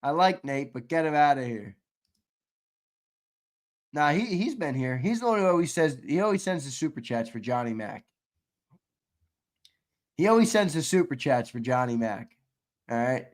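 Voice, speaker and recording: A man co-hosting a live sports stream, running a giveaway shuffle, reading viewer chat and shouting out winners, swearing casually. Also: on the high side, sing-song, normal speed, pauses often. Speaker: sports show co-host.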